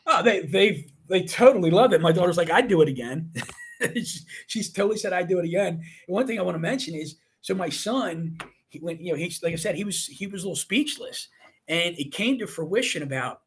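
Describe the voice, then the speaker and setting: A middle-aged man, appearing as an interview guest, tells a personal story in an earnest, emotional way, often quoting what others said. His voice is high and expressive, and he talks briskly. There is slight background noise.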